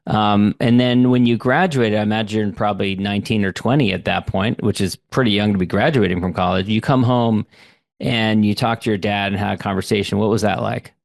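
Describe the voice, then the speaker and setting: Upbeat podcast host, low voice, dry sound. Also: male voice, steady tone, a little fast, vocal fry, no echo. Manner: enthusiastic, conversational. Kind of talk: interview podcast.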